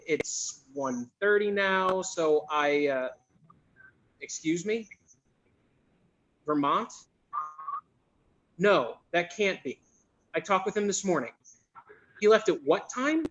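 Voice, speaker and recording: A put-upon young store clerk, exasperated and quick to say sorry, read aloud by a man. His voice sits high and swings widely. The sound is muffled and lo-fi. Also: animated, a bit bright, full character voice. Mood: flustered. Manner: exasperated, cursing, quick to apologize. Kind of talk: live script reading.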